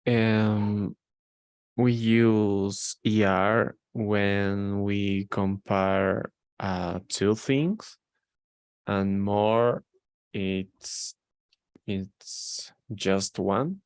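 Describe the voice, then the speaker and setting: Male learner, low smooth voice, reads real slow, lots of ums. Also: steady tone, no room sound. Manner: hesitant, reads slowly with many ums. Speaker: language student. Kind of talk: reading aloud in a lesson.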